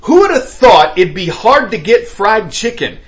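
A man reading the news as anchor in a brisk, clear newsreader delivery. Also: high-pitched, big pitch swings. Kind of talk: scripted news narration.

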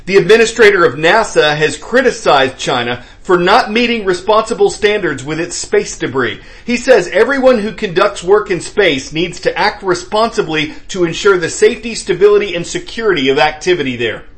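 A man reading the news as anchor in a brisk, clear newsreader delivery. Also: sits high, expressive, fairly bright tone, faint music behind. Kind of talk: scripted news narration.

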